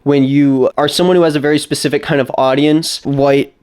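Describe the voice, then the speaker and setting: A man's voice: fairly high pitch, flat delivery, a little fast, a little mellow, smooth. A man giving a blunt, indignant commentary on a video. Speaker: commentary YouTuber. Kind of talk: casual commentary.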